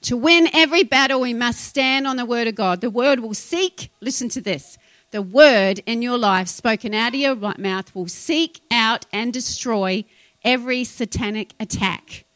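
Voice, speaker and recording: Middle-aged woman preacher, high voice, dry close sound, feisty emphatic delivery with loud declarations and quiet asides. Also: measured pace, no echo. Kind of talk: sermon.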